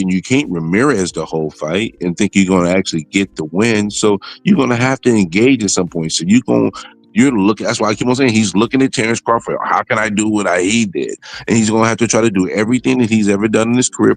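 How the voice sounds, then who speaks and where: A man with a lowish voice lays out a long, confident fight breakdown on a boxing podcast. He is blunt and salty, and he talks straight through. His voice sounds close and dry, with no room echo. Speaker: podcast co-host. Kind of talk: casual boxing analysis.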